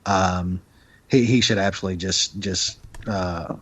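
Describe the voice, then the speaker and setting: A man's voice: deep voice, fairly even intonation, a little slow, husky. A man co-hosting a podcast, talking bets in a blunt, profane, emphatic way. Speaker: podcast co-host. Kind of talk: casual sports betting chat. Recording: dull lo-fi sound.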